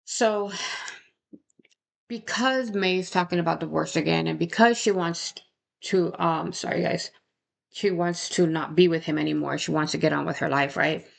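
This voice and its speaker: A woman recounts a true crime case in a loose, chatty way, pausing to ask "right?" and adding indignant comments. Her voice sits low and has a gravelly fry running through it. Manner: conversational, frequent "right?" tags, indignant asides. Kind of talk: casual true crime narration.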